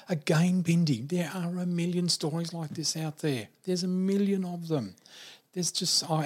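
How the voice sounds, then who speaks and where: A man who is an interview guest, telling a personal story in an earnest, emphatic way and repeating words for effect. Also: fairly high pitch.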